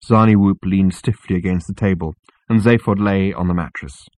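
A man narrating an audiobook in a calm, measured storytelling manner. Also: low voice, no room sound. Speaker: audiobook reader. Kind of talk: scripted narration.

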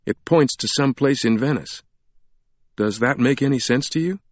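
A man's voice: mid-range voice, moderate pace, no echo, highs cut off, pitched above the performer's own voice, close to an everyday voice. Man putting on a blunt, forthright young woman. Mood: probing. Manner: direct, questioning. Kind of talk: audiobook character reading.

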